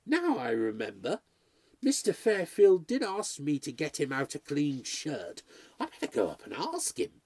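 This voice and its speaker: Worried, gossipy old butler, read by the narrator. Husky and mellow. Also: male voice, fairly high pitch, wildly swooping pitch, a little slow, dry recording, exaggerated voice. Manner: grumbling, confidential.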